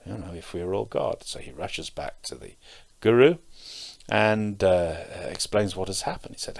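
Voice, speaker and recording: Deep-voiced man giving a Zen talk. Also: expressive, normal speed, vocal fry. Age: middle-aged. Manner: hesitant, many fillers, storytelling. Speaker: Zen teacher. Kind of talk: dharma talk.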